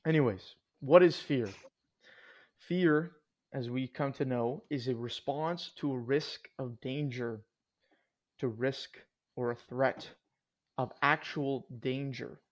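A man's voice: mid-range voice, slow. A young man co-hosting a podcast in casual chat, laid-back and joking, with slangy asides. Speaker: podcast co-host.

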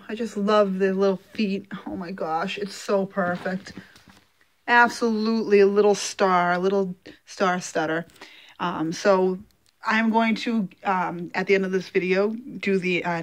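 Woman, casual unboxing vlog, gentle, hesitant fillers, emotional, close to tears. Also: medium pitch. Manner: gentle, halting, with many fillers. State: emotional, holding back tears. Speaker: doll collector vlogger.

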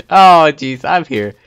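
A man's voice: mid-range voice, a bit bright. A young man giving casual gameplay commentary, taunting other players and laughing often. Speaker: gaming YouTuber. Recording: faint game noise behind.

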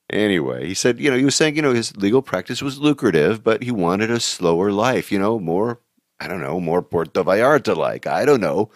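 A man's voice: on the low side, expressive, normal speed, no room sound, clean studio sound. A man hosting a travel show, telling anecdotes in a chatty, easygoing way with plenty of fillers and chuckles. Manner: chatty, laughs at his own stories, many fillers. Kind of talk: casual anecdotal storytelling.

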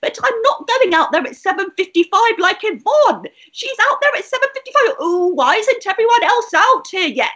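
A woman's voice: extremely high pitch, big pitch swings, normal speed, few pauses, fairly bright tone, pitched above the performer's own voice, exaggerated voice. A woman doing a character comedy set as a fussy, indignant middle-aged woman ranting about lockdown life. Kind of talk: character stand-up.

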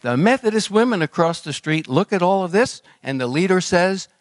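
A man telling a joke to a church congregation, lively with small restarts. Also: sits high, moderate pace, no echo.

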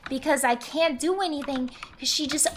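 A woman's voice: sits high, normal speed, heavy background noise. A young woman streaming a game, venting and swearing in exasperated running commentary. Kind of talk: live gameplay commentary.

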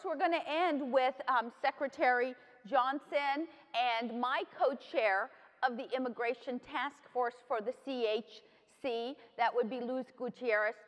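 A middle-aged woman with a high voice gives a personal speech. She opens a policy panel and tells a family story, now and then slipping into Spanish phrases. Her voice carries a long reverb from a large conference hall. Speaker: congresswoman moderating a policy panel.

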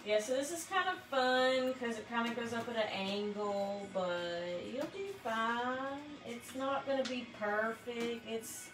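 A woman's voice: fairly high pitch, unhurried, few pauses, music in the background. A woman demonstrating a craft on a casual livestream, chatty and laughing easily as she explains her steps. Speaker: crafter demonstrating tumbler making. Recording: roomy echo with background noise.

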